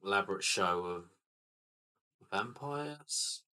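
Brief: male co-host, very deep voice with a bright edge, easygoing, hesitant. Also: animated, slow. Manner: laid-back, unsure, short replies. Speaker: podcast co-host. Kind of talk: casual film-review chat.

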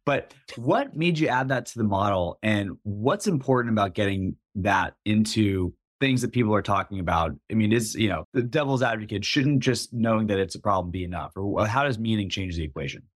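A male podcast host who talks quickly in a lowish, slightly husky voice. His questions tumble out loosely, with restarts along the way. The recording is dry and close. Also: expressive, no echo. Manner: fast, loose, stumbling follow-up questions. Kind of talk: interviewing a guest.

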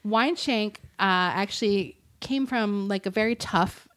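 A woman's voice: medium pitch, unhurried, fairly bright tone. A woman co-hosting a podcast, retelling a true-crime story in casual, rambling chat and laughing often. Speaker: podcast co-host.

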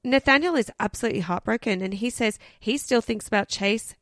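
A woman co-hosting a comedy podcast, telling a story in an animated way with swearing and laughs. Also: a little high, a little fast, no echo, clean studio sound. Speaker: podcast co-host. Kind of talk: casual comedy podcast chat.

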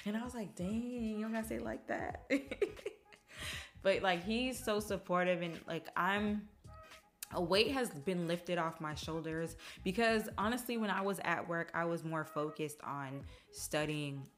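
A woman's voice: fairly low pitch, a little slow. A young woman hosting a podcast, talking casually and emotionally about her life and acting out what others said. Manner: chatty, emotional, quotes others in animated voices. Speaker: podcast host. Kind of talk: casual personal monologue. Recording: faint music behind.

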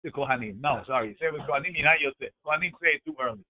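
A man's voice: on the high side, racing. A man teaching a Talmud class, reading the Aramaic text aloud and explaining it line by line in English. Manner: talks through the text with frequent "right?" checks. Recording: tinny phone-like recording.

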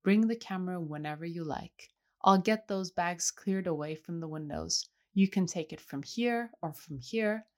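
A man's voice: sits high, moderate pace, close to an everyday voice. A woman reader voicing a jovial, boisterous man who keeps exclaiming and sneezing. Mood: cordial.

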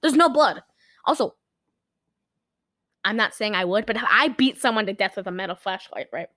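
A woman co-hosting a podcast, casually retelling a movie with animated storytelling and lots of fillers. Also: medium pitch, normal speed, no echo, clean studio sound. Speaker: podcast co-host. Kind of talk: casual movie recap chat.

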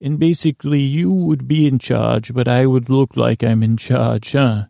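A man's voice: mid-range voice, steady tone, vocal fry, dark tone, no echo, clean studio sound. A man voicing a naive young boy king who rambles and stammers in earnest. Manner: halting, stammering and childishly earnest. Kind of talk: improvised comedy voice acting.

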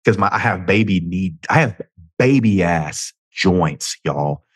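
A very deep, husky man with a light Southern twang talks through a solo podcast from home. He rambles, swears freely and cracks jokes at himself. The recording is close and dry. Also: expressive, unhurried, no room sound. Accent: Southern American twang. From United States. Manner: rambling, profane and self-joking, with frequent tangents. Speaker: podcast host. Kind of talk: casual solo podcast monologue. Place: home room.

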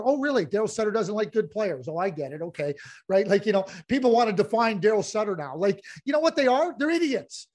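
A man's voice: high voice, animated, brisk. A man hosting a sports talk show, blunt and emphatic, repeating himself for effect. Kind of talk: heated hockey talk.

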